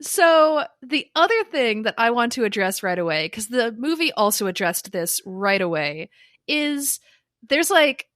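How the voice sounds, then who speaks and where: Bright lively woman podcast co-host. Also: a little high, unhurried, dry recording, studio quality. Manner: lively, laughs often, acts out quotes. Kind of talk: casual chat.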